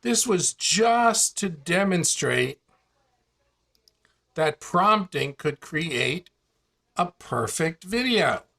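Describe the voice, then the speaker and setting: A man hosting a live call, walking through a software tool with a chatty sales manner and a string of rhetorical questions. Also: a little high, very animated, very slow, gravelly, long pauses. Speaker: host presenting an online tool demo. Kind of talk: casual live demonstration on a call.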